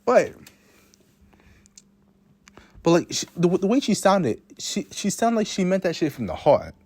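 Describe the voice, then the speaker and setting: A teenage boy rambles through a story about his own life, swearing freely and mocking himself as he goes. His pitch swings widely up and down, and his voice has a husky edge. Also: sing-song, moderate pace, a little mellow, no room sound. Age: teens. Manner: rambling, self-mocking, swears a lot, many restarts. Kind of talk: casual storytime monologue.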